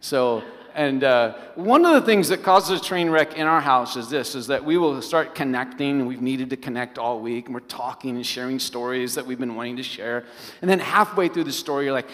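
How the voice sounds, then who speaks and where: A middle-aged man, a pastor, preaching a sermon as an animated storyteller who keeps asking the congregation questions. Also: medium pitch, fairly quick. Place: large church hall. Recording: long reverb of a large hall.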